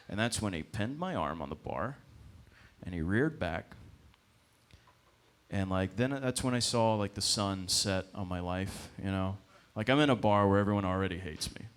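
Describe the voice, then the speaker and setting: A man's voice: on the low side, normal speed. A young man telling a loose, profane stand-up story on a comedy club stage into a handheld mic.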